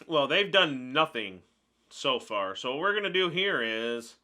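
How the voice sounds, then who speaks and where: A man giving live commentary over his own card game match, chatting through each move out loud. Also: medium pitch, expressive, measured pace. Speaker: card game video creator.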